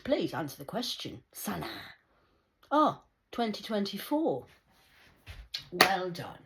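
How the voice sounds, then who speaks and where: A woman's voice: mid-range voice, very animated, slow, slight background noise, poor audio. A woman ranting sarcastically to her viewers in a heated, repetitive monologue. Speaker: vlogger.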